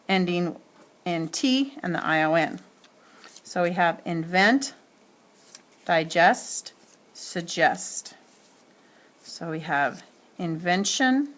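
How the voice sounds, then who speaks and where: A woman's voice: lowish voice, a bit bright. A woman teacher giving a spelling lesson, speaking carefully and spelling words out letter by letter.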